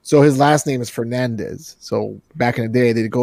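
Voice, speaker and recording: A man from Canada co-hosting a podcast, trading quick teasing banter in casual chat. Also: medium pitch, creaky, darkish tone, no room sound, clean studio sound. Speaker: podcast co-host.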